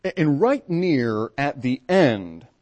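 A man's voice: mid-range voice, sing-song, slow pace, darkish tone, highs cut off. Folksy preacher man telling a story. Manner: folksy, conversational, frequent restarts. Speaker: Baptist pastor. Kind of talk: storytelling sermon.

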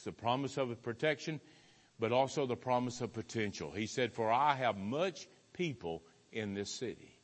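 Folksy pastor telling a story in a church. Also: male voice, mid-range voice. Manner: folksy, animated storytelling with wide swings in loudness. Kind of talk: sermon with storytelling. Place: church sanctuary. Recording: hall reverb.

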